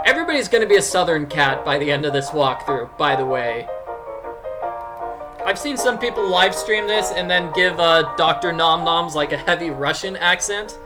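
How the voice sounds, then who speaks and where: A man's voice: on the high side, lively intonation, moderate pace, over loud music, rough recording. A man giving casual, rambling let's-play commentary as a streamer and game writer. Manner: rambling, many fillers and restarts.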